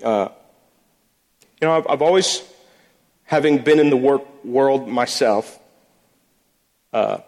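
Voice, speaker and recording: A man's voice: mid-range voice, slow pace, long pauses, darkish tone. A man giving a sermon-style talk, telling stories about faith at work, often restarting and repeating words. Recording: long echoey hall reverb.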